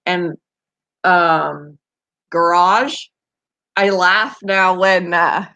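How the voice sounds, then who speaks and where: A woman's voice: on the low side, very slow, sharp tone. A woman from Canada with a Canadian accent, chatting casually on a live stream, giggly and answering viewers' comments. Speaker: pet channel host.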